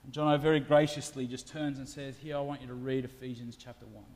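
A man preaching a sermon in an earnest, confessional way, his voice dropping to a hush and swelling loud again. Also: mid-range voice, steady tone, fast, long reverb tail.

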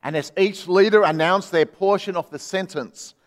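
A man's voice: sits high, normal speed, long reverb tail. A man preaching a sermon as pastor, earnestly telling a story and reading quoted voices aloud.

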